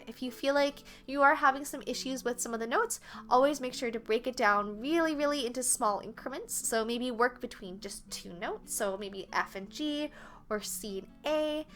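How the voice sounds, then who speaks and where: A woman's voice: high-pitched, a bit bright. A young woman teaching a flute lesson online, explaining patiently step by step and counting beats aloud.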